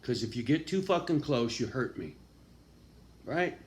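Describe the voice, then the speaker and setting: A man in a raw, confessional monologue, swearing constantly and swinging from quiet, low talk to loud, angry outbursts. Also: sing-song, a little slow, a little hiss or hum. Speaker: vlogger.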